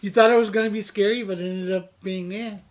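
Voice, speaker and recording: A man's voice: high voice, fairly even intonation, quick pace. A man from Canada co-hosting a casual beer review chat, playful and rambling, steering topics along with little asides. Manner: playful, rambling, says "anywho" to move on. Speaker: co-host of a beer review show.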